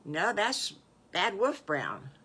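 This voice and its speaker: An older woman voicing a gentle, motherly farmer's wife who speaks in a soothing, reassuring way. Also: medium pitch, wildly swooping pitch, takes it slowly, husky, full character voice.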